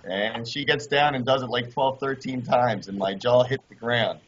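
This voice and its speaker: Husky man telling an animated story. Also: medium pitch, normal speed. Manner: animated, acts out quoted voices. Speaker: guest, former kayaker. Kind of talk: storytelling interview. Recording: dull lo-fi audio.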